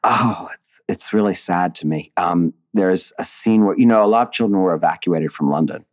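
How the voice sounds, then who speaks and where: A man's voice: sits low, moderate pace. A man being interviewed about his writing, talking expressively and digressively with many restarts. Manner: expressive, digressive, emotional at times. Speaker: author and lyricist. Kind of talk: interview conversation.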